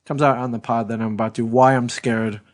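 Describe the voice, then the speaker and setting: A man's voice: mid-range voice, little pitch movement, fairly quick. A man in his thirties co-hosting a podcast, telling a rambling story in casual chat and swearing freely. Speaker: podcast co-host.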